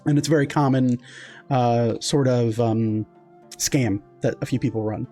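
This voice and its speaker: A man's voice: mid-range voice, fairly even intonation, moderate pace, warm tone, soft background music. A man narrating as game master of a tabletop game, casual with lots of fillers and restarts.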